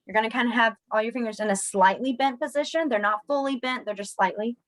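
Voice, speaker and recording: A woman's voice: on the high side, quick pace, low-quality recording. A young woman, teaching a casual sign language class in a chatty, self-deprecating way. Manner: chatty, self-deprecating, animated when students try signs. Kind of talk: casual online class instruction.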